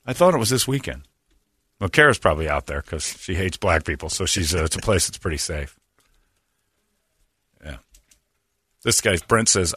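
A man's voice: fairly low pitch, big pitch swings, moderate pace, pauses often, bright, forceful tone, slightly rough, no echo, studio quality. A man hosting a radio show, ranting sarcastically and laughing as he talks. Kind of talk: casual radio chat.

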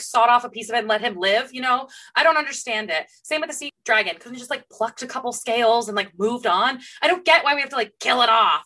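A young woman co-hosting a podcast in casual chat, animated and full of fillers. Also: fairly high pitch, fast. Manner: animated, many fillers, acts out quotes. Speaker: podcast co-host.

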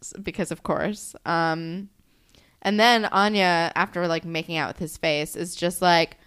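A woman's voice: lowish voice, steady tone, a bit bright, clear, resonant tone. A woman from New Jersey with a New Jersey accent, chatting casually as a podcast co-host and acting out quotes. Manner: chatty, quick to laugh, acts out quotes. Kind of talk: casual recap chat. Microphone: desk microphone.

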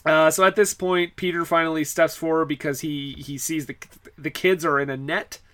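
A man's voice: fairly high pitch, steady tone, normal speed, a bit bright. A man co-hosting a casual podcast chat, recapping a film with frequent laughs and filler words. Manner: laughs often, many fillers and restarts. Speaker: podcast co-host.

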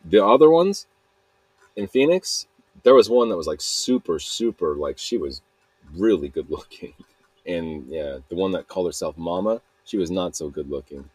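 A man's voice: sits low, animated, moderate pace, darkish tone, slightly rough, dry recording. A young man from Utah rambling through a solo podcast monologue, self-mocking and trailing off mid-sentence. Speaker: podcast host.

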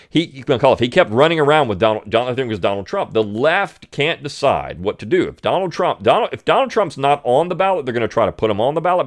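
A man hosting a political commentary podcast, talking in a sarcastic, mocking way. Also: medium pitch. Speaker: podcast host.

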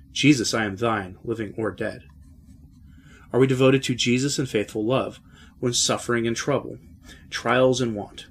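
A male preacher delivering a sermon in a solemn, measured way. He builds his points through rhetorical questions and direct appeals to his listeners, with a voice of ordinary pitch for a man. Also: a bit bright, slight background noise.

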